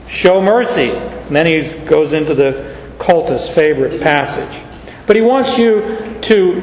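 Man preaching, higher voice, folksy storyteller, echoey hall with long reverb, slightly muffled. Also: a little hiss or hum. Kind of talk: sermon with personal story.

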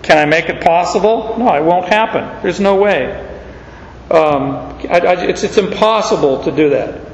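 A man with a fairly high voice preaches a relaxed, folksy sermon full of homey asides, stopping and restarting his sentences as he goes. His voice rings through a large, echoey hall with a long tail of reverb. The sound is a little dull. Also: moderate pace, slight background noise. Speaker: pastor. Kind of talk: conversational sermon.

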